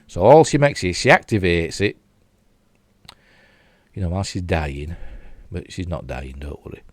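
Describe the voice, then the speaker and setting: An older man with a broad Yorkshire accent chats his way through a TV review. His voice sits very low, and the sound is close and dry with no room around it. He rambles with plenty of fillers and mocks himself as he goes. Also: no room sound. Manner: chatty and self-mocking, with frequent fillers and asides. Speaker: TV show reviewer. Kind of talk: casual rambling review while replaying clips.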